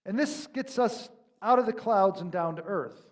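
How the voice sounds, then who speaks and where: A man's voice: sits high, expressive, normal speed. A male pastor giving a sermon in a conversational, storytelling manner with emphatic peaks.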